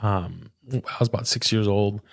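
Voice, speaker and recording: Earnest low-voiced man, dry close sound. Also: moderate pace, vocal fry, no room sound. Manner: earnest, reflective, says "man" and "dude" often. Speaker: pastor, podcast guest. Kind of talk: casual conversational interview.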